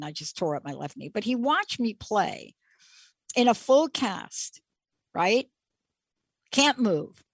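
Slow, reflective woman host. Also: medium pitch, dry recording. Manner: reflective, emphatic, repeats key words. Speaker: show host. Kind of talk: personal storytelling monologue.

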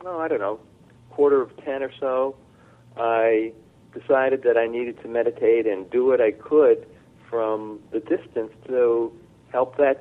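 A man telling a personal story as a radio guest, speaking slowly and haltingly with fillers. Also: mid-range voice, darkish tone. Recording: tinny phone line.

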